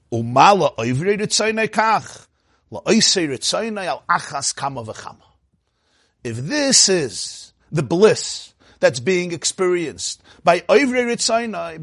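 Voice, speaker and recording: A man giving a Torah lecture, telling a Talmudic story with animated storytelling and Hebrew and Yiddish phrases. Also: sits high, slightly rough, dry recording, studio quality. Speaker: rabbi teaching.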